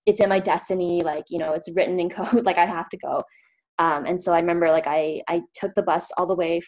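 Casting note: woman from Canada, thirties, slightly low voice, chatty interview guest who rambles through anecdotes with fillers and laughs. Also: darkish tone. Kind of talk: casual storytelling.

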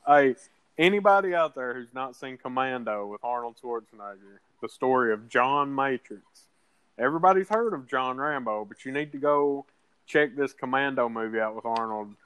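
Podcast host, man, mid-pitched, halting and casual, dry sound. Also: fairly bright tone, smooth, no room sound, low-quality recording. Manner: halting, restarts, swears casually. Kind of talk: casual chat.

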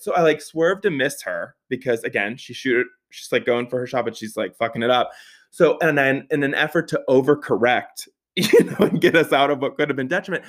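A young man tells a story in a loose, casual way. He swears freely and keeps breaking into laughter as he goes. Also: mid-range voice. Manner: animated, profane, laughing often while telling the story. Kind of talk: casual anecdote telling.

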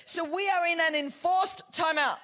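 A woman in her forties preaching a passionate sermon, swinging from hushed, intimate lines to shouted declarations. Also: very high voice, normal speed.

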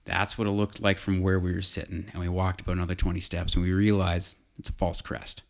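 A man's voice: low voice, little pitch movement, a little fast, creaky. A man telling a casual hunting story, rambling with fillers and restarts.

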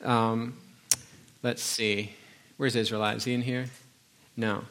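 A man's voice: medium pitch, flat delivery, slow, a bit bright. A middle-aged man preaching a sermon, telling a family story and acting out the dialogue in a conversational way. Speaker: pastor.

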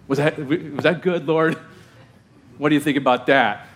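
A man's voice: fairly high pitch, normal speed, long pauses, slight background noise. A male pastor preaching a sermon in an emphatic, conversational way, often asking his congregation questions.

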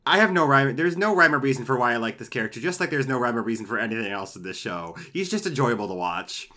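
A man chats casually on a podcast, animated and quick to laugh. His voice is bright and forward. His pitch swings widely as he talks. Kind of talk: casual chat.

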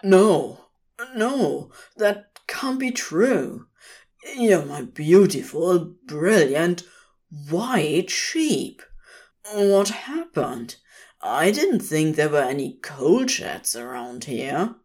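A woman voicing an irritable, brash male demon with loud, exasperated outbursts. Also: sits low, very animated, extremely slow, breathy edge, full character voice. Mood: dismayed.

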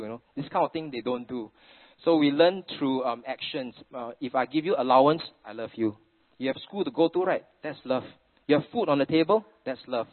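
A man's voice: medium pitch, brisk. A middle-aged man from Singapore with a Singaporean English accent, preaching a sermon in a chatty storytelling way sprinkled with Singlish particles. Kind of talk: sermon with family anecdotes. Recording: tinny phone-like sound.

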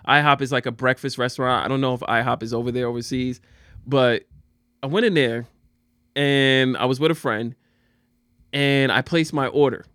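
A man's voice: mid-range voice, steady tone, normal speed, a bit bright, clear, resonant tone, no room sound, clean studio sound. A man telling stories in a casual podcast chat, slangy and laughing often.

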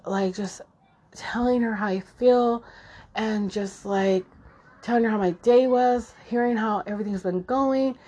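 A woman in her thirties hosts a podcast, talking casually and emotionally in a casual personal monologue. Her mid-range voice is mellow, and she swears freely and uses lots of fillers.

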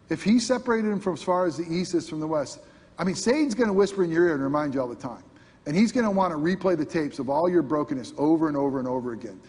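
A man with a high, husky voice preaching a sermon. He is animated, slips into imagined voices, and drops from loud bursts to near-hushed lines. The sound carries a long hall reverb. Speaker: pastor.

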